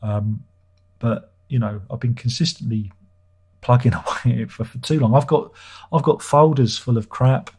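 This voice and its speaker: Mellow husky man chatting loosely. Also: mid-range voice, fairly even intonation, normal speed. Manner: rambling, self-deprecating, swears casually. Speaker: livestream host. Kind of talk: casual chat reading viewer comments.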